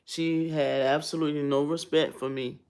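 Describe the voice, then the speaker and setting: A woman in her thirties, a vlogger telling stories in a blunt, casual, animated way. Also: deep voice, moderate pace, clear, resonant tone. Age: 30s. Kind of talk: casual storytelling rant.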